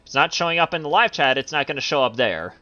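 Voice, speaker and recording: A man's voice: on the high side, big pitch swings, quick pace, bright, forceful tone, no echo, faint music behind. Sarcastic man on a dull lo-fi mic. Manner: crude, sarcastic, laughs often. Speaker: stream host. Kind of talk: casual commentary stream chat. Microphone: low-quality mic.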